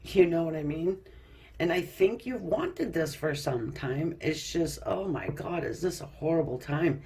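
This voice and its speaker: A woman's voice: low-pitched, animated, measured pace, mellow. Casual woman doing a tarot reading, talks loose, laughs a lot, swears now and then. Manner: chatty, laughing, swears, frequent restarts. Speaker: tarot reader.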